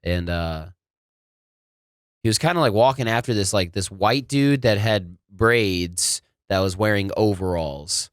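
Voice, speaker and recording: A man's voice: lowish voice, a little slow, clear, resonant tone, no room sound, clean studio sound. A young man casually telling a rambling story to his co-hosts, full of fillers and swearing, often laughing. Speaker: podcast co-host.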